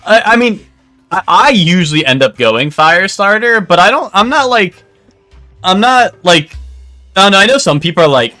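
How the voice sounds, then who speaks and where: A man's voice: high-pitched, big pitch swings, normal speed, bright, forceful tone, dry recording, soft background music. Rambling young-sounding male streamer. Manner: rambling, hesitant, lots of fillers. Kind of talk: casual chat while gaming.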